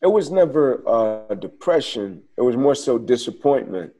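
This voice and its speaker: A man's voice: mid-range voice, very animated, moderate pace, dark tone, soft background music. A man telling his story as an interview guest, earnest and reflective, often saying "man" and "like".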